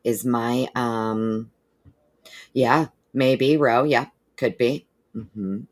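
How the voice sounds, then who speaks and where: A woman's voice: extremely low pitch, extremely slow. Chatty, foul-mouthed woman live-streaming. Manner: chatty, profane, greets viewers by name; animated, with exaggerated put-on quote voices. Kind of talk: casual live-stream case commentary.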